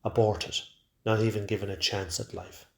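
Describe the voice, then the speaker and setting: A man voicing a menacing young male gang leader, aggressive and shouting. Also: on the low side, flat delivery, normal speed, creaky. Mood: subdued. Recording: roomy echo.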